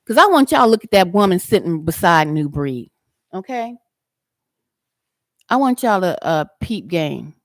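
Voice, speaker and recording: On a clean, echo-free studio track, a YouTube commentator films a reaction video, her low-leaning voice swinging widely in pitch at a measured pace with frequent pauses. She confronts and mocks a man directly, drawling and repeating words to hammer her points home.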